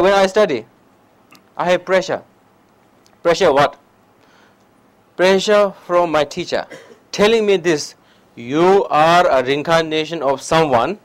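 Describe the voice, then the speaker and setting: Nepali guy giving a meditation talk, high voice, broken english, lots of huh?. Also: rough recording. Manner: non-native English, animated anecdotes, frequent "huh?" asides. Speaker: meditation teacher. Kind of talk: public dharma talk. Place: lecture hall before an audience.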